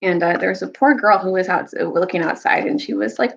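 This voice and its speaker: Brief: young woman, storytime reader, lively kid-friendly delivery, slightly muffled lo-fi sound. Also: normal speed, vocal fry, husky. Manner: animated, jumps high for quoted characters. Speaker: storyteller reading aloud to children. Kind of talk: casual storytime recap and read-aloud.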